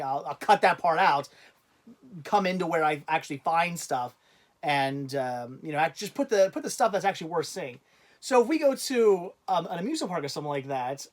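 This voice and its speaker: A man hosting a casual livestream in a fairly high voice. He rambles and drifts off mid-thought, restarts his sentences, and breaks into easy laughter as he chats on. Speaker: livestream host.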